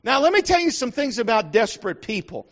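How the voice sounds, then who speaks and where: Middle-aged man, very high voice, folksy preacher telling stories, dull lo-fi recording. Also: very animated, a little fast, fairly bright tone. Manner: folksy storyteller, acts out quotes. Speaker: pastor. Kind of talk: sermon with personal story. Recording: dull lo-fi sound.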